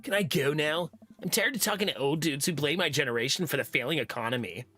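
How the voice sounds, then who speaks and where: A man's voice: on the high side, quick pace, sharp tone, faint music behind. A man voicing a sulky, bored teenage boy who mumbles his answers. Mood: sullen. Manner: mumbling, sullen.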